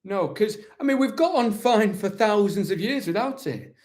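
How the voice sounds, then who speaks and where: A proud, weary warrior-captain, put on by a man answers questions live. His voice sits fairly high. He rambles in a dry, mock-solemn way and keeps justifying himself. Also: expressive, normal speed, darkish tone. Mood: self-justifying. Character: proud weary male warrior-captain of a kingdom, self-serving. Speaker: impressionist taking live questions in character. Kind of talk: live-stream in-character Q&A.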